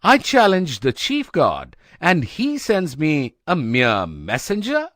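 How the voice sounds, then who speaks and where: Man doing a vain, thundering sea god, big swings in pitch, dry close sound. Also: wildly swooping pitch, slow pace, dry recording, heavily acted. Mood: indignant. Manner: booming and boastful. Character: proud, big-headed male water god. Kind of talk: storybook acting.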